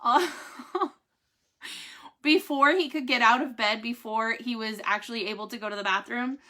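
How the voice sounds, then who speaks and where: Chatty woman with a bright voice. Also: a little high, normal speed. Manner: chatty, laughs often, candid and faith-minded. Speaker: vlogger giving a family health update. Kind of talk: casual chat to camera.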